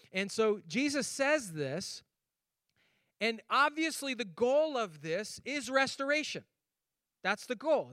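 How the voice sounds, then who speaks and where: A male pastor giving a sermon in a bright, high voice. He tells stories with lively, acted-out voices and laughs as he talks. The sound is dry and close. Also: dry recording.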